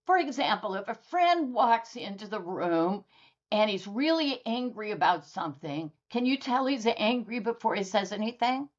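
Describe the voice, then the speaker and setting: A woman guest on a podcast telling stories in a lively, conversational way and acting out the people in them. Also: mid-range voice, normal speed, highs cut off. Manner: lively storyteller who acts out dialogue. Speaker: guest author.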